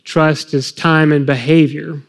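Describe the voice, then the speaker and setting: A man's voice: fairly high pitch, little pitch movement, measured pace, big-room sound. A middle-aged man talking earnestly about parenting and faith, acting out short conversations with a child. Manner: earnest, emotional, acts out parent-child dialogue. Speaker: guest speaker on parenting.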